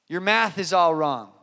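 A man voicing God as a patient, gently correcting father figure in a sermon story. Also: sits high, creaky, big-room sound, full character voice.

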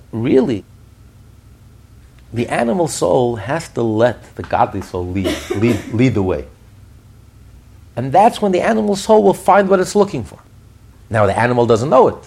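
A man, a rabbi, preaching a sermon with animated, repetitive emphasis and storytelling. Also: medium pitch, husky.

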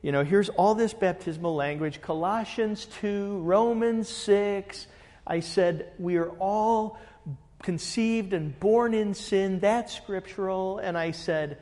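A man, a pastor, telling a story in a lively way and acting out the dialogue. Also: high voice, slow pace, in a large hall. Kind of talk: animated storytelling.

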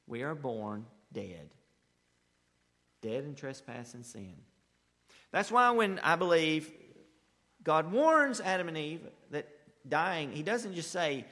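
A male pastor preaching a sermon, emphatic and animated, swinging from loud rising bursts to quiet asides. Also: mid-range voice. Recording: long hall reverb.

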